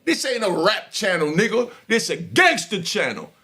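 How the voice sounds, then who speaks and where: An older man, ranting loudly and with heavy profanity at viewers of his prison stories vlog. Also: high voice, big pitch swings, normal speed. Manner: loud, profane, preaching to viewers. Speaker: prison story vlogger. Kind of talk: heated unscripted monologue.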